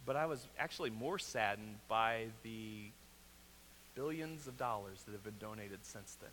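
A man with a Southwest Missouri accent preaching a sermon as pastor, earnest, often repeating a question and dropping to a quiet, pressing tone. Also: lowish voice, normal speed. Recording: reverberant hall, faint hum.

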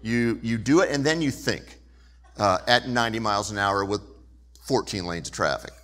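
A man, a pastor, preaching a sermon with animated storytelling that swings from loud to hushed. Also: fairly low pitch, normal speed.

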